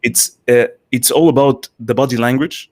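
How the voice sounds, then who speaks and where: A man's voice: mid-range voice, steady tone, moderate pace, a little mellow, no echo, studio quality. A man hosting a live online talk show, enthusiastic and full of fillers and repeated words. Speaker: host.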